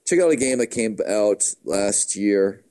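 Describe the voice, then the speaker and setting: A man's voice: on the low side, expressive, a little slow, warm tone. Easygoing man meandering through game talk. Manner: easygoing, meandering, self-correcting. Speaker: podcast co-host. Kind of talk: casual gaming chat.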